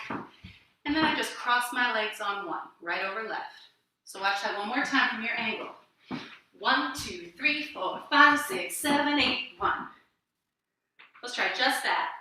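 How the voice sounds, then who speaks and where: A woman's voice: medium pitch, sharp tone, far from the mic, slight background noise. A woman teaching a livestreamed dance class, counting and scatting rhythms as she dances and talking between sets with encouragement, a little out of breath. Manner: counts and scats rhythms aloud while dancing. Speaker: dance instructor. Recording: echoey room, voice from off-mic.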